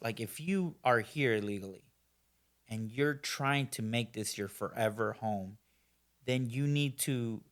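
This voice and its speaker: Middle-aged american guy on a podcast, blunt and opinionated, rambles with lots of um and you know, mid-pitched voice. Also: fairly bright tone. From United States. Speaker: podcast guest. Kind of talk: casual interview talk.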